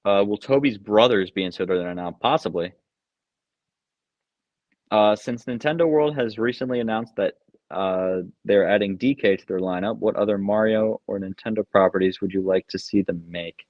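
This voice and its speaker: Low-voiced young man, casual stream chat. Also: normal speed, dry recording. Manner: relaxed, offhand, many ums and uhs. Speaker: streamer answering chat questions. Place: basement room at home. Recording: dull lo-fi sound.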